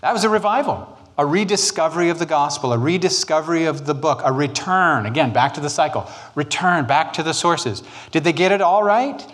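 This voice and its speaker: A man's voice: fairly high pitch, a little fast, few pauses. Jokey, chatty male church teacher. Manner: chatty, jokey, animated asides. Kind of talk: casual church history lesson.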